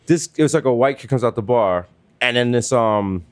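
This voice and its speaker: A man's voice: mid-range voice, normal speed, clear, resonant tone. A young man, chatting in a joking, profane, laid-back way as a podcast co-host. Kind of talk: casual chat.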